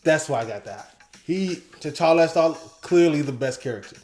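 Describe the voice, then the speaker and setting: Man, co-host, casual chat, excitable, slightly high voice, roomy echo. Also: normal speed, soft background music. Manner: excitable, quotes characters in animated bursts. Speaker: podcast co-host. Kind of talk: casual chat, ranking episodes.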